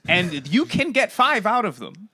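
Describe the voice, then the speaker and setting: A man's voice: high-pitched, sing-song, measured pace, sharp tone. A man holding forth in a casual comedic podcast chat, joking and ranting in a boastful, rambling way.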